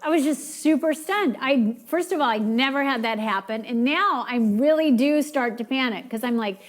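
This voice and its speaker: A woman's voice: high-pitched, a little fast, few pauses. A woman co-hosting a marriage course, telling a personal story and acting out quoted voices. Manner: lively, acts out quoted voices. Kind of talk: storytelling to an audience.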